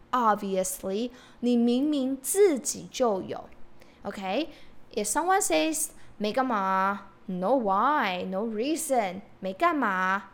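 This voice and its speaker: A woman's voice: a little high, fairly bright tone. A woman with a Mandarin Chinese accent and Mandarin as her first language, teaching a podcast language lesson, saying phrases and explaining them patiently. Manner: explains slowly, repeating Chinese phrases and glossing them in English. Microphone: podcast microphone.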